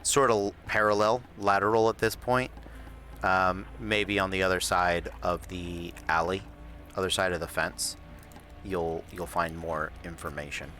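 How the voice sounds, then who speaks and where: Slow, halting male game master. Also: sits low, fairly even intonation, sharp tone, faint music behind. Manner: slow, halting narration with many fillers. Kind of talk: narrating a tabletop horror game.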